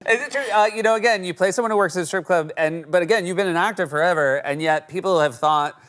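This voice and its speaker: A man's voice: high-pitched, a bit bright. A middle-aged man hosting a talk show, chatting casually with guests and joking easily. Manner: chatty, quick to joke and laugh. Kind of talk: casual interview chat.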